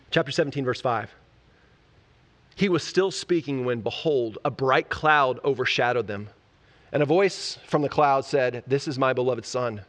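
A pastor preaching a sermon, enthusiastic and conversational, often asking the audience rhetorical questions. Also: male voice, medium pitch. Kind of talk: sermon, Bible teaching.

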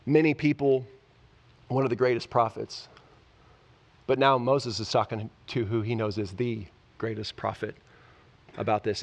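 A pastor preaching a sermon, enthusiastic and conversational, often asking the audience rhetorical questions. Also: male voice, medium pitch. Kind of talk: sermon, Bible teaching.

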